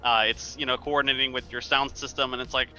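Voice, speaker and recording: Bright-voiced male game master, laughing. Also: mid-range voice, flat delivery, fast, clear, resonant tone, dull audio. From United States. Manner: laughs often, loose rambling narration. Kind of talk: narrating a tabletop game.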